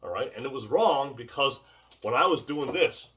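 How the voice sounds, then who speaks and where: A man's voice: mid-range voice, expressive, moderate pace, recorded from a distance, very noisy. A man teaching martial arts drills in a casual, rambling way, often repeating words as he demonstrates. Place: home training space.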